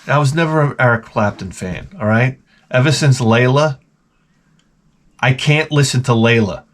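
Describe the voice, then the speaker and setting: Profane, rambling man ranting comedically. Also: moderate pace. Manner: profane, rambling, jumps into high mocking voices. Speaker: podcast host. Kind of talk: crude comedic rant.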